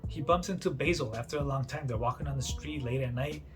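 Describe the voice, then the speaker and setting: A man retells a story in a loose, chatty way, peppering it with "like" and "you know" and briefly acting out what the characters say. His voice sits at an ordinary middle pitch. Soft music plays quietly underneath. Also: quick pace. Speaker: book summary presenter. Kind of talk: casual spoken book summary.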